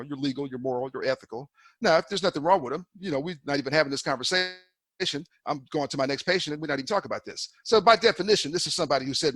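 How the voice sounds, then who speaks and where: A man's voice: a little high, fairly bright tone, dry recording. A man giving a folksy, conversational continuing-education lecture to eye doctors, often repeating himself.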